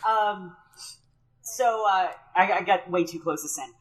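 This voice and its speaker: A woman co-hosting a casual podcast chat, chatty and giggly, often pausing with fillers. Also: medium pitch. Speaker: podcast co-host.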